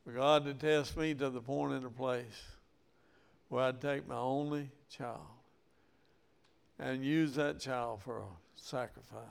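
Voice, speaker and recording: Slow gravelly preacher man. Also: medium pitch. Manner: preaching with rising emphasis and acted Bible quotes. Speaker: pastor. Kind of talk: sermon.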